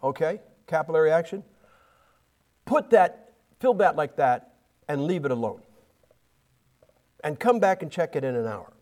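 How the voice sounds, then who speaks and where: A man's voice: on the high side, lively intonation, measured pace, pauses often, darkish tone. A man preaching a folksy, rambling sermon, full of restarts and asides.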